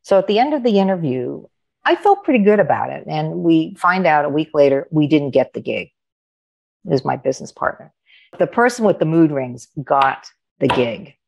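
Female coach guest, middle-aged, low gravelly voice, animated storyteller who voices other people in her anecdotes. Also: normal speed. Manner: animated, acts out quoted dialogue. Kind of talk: conversational storytelling.

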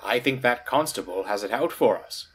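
A man's voice: on the low side, expressive, moderate pace, breathy edge. A man voicing a polite, cheerful little male tram engine with a mild manner.

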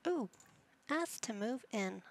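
A woman's voice: fairly high pitch, expressive, slow. A woman gaming YouTuber giving chatty let's play commentary, narrating each move she picks. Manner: chatty, narrating her own game moves.

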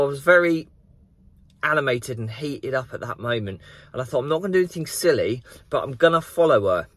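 A man, chatting to camera outdoors in a large garden in a lively, animated way as a gardening vlogger. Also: a little high, no room sound. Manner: chatty and animated, acts out the story. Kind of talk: casual vlog to camera. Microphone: camera on a tripod.

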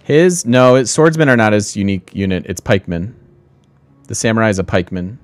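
Low-voiced man thinking aloud over gameplay. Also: a little fast, no echo, soft background music. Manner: thinking aloud, self-mocking, laughs often. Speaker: let's play host. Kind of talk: casual gameplay commentary.

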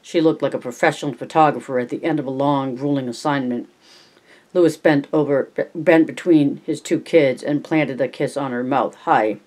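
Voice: mid-range voice, fairly even intonation, moderate pace, a little mellow. An amateur reader narrating a novel at home, unpolished, with slips and restarts. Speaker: audiobook reader. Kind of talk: casual audiobook reading.

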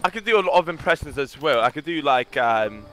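Excitable man on game chat. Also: fairly high pitch, brisk, soft background music. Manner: excitable, laughs easily, yells during fights. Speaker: random teammate. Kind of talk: casual gaming voice chat. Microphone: gaming headset mic.

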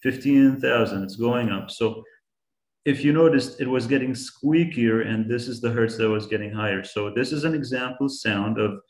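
In an echoey room, a male guest speaker with a mid-range voice talks at a normal speed while giving young students an online science lesson. He stays patient and encouraging, checking in with questions as he goes.

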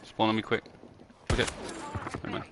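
A man's voice: lowish voice, brisk, gravelly. A man streaming a shooter game live, swearing and bantering casually with a teammate. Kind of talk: casual gaming commentary. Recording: gameplay noise behind.

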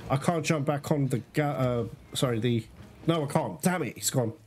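A man's voice: mid-range voice, normal speed, slight background noise. A man giving let's play commentary, getting frustrated, swearing and apologizing to his viewers. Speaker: gaming streamer. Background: loud game music.

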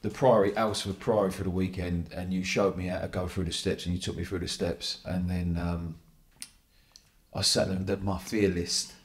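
A man's voice: sits low, level tone, moderate pace. A man hosting a podcast interview, chatty and encouraging, with frequent agreeing backchannels. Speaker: podcast host. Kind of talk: casual interview chat.

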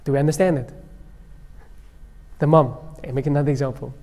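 A man's voice: medium pitch, fairly even intonation, brisk, mellow. A man giving a Ramadan sermon as a sheikh, telling stories and reciting Arabic phrases, in a mosque hall. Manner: storytelling preacher, mixing in Arabic recitation. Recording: long echo of a mosque hall.

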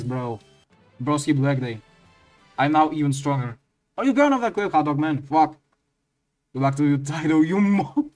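A man giving crude, swear-heavy commentary while playing a game, often breaking into high laughing outbursts. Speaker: let's play gamer.

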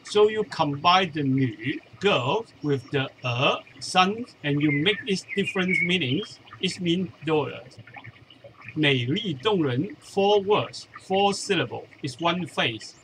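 A male language teacher, a Cantonese speaker, explaining a point slowly and methodically in English, counting out examples one by one. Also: fairly high pitch, a bit bright, a little hiss or hum, poor audio. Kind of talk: explanatory lesson.

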